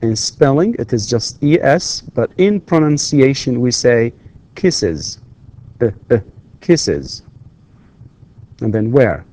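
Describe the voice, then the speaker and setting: A male university lecturer, a native Arabic speaker, teaching English pronunciation slowly and deliberately, repeating words and pausing with fillers as he explains. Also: medium pitch, mellow. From Saudi Arabia. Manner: hesitant, with frequent fillers and restarts when explaining. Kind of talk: recorded lecture.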